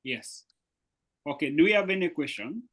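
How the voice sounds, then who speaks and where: A man with a voice pitched a little high leads a beginners' class over a video call. He explains patiently, one step at a time, and keeps checking with his students. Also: expressive, moderate pace, a bit bright, rough recording. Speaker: Swahili teacher. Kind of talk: live online language class.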